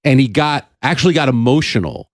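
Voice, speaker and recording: Radio show guy explaining clips, casual and chatty, dry studio mic, middle pitch. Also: expressive, brisk, no room sound. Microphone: studio microphone.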